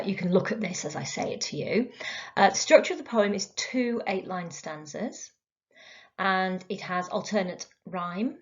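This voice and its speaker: A woman teaching a recorded literature lesson, explaining step by step with frequent ums and uhs. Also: fairly low pitch. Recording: dull lo-fi recording.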